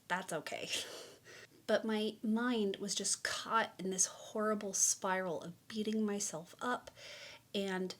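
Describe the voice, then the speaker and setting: A woman giving a candid, reflective personal explainer to the camera, earnest and open. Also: medium pitch. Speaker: mental health vlogger.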